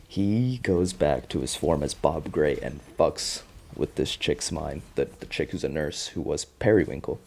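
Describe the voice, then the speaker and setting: Deep-voiced man with a profane, slangy recap. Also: unhurried, gravelly, a little mellow. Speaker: podcast host recapping a TV show. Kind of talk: casual chat.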